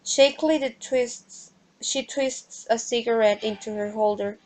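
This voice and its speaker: A woman's voice: a little high, steady tone, measured pace, darkish tone, slight background noise, poor audio. A woman reading the stage directions of a play aloud, carefully and with small slips. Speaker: reader of a play.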